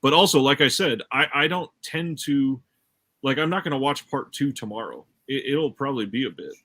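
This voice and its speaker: A man's voice: mid-range voice, normal speed, a bit bright. A man hosting a casual film chat, talking loosely with frequent restarts and easy laughs. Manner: chatty, laughs easily, restarts. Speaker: podcast host.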